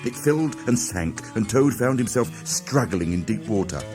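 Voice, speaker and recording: A man narrating a children's classic as an audiobook, dramatic and animated. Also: fairly low pitch, normal speed, over music. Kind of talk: storybook narration.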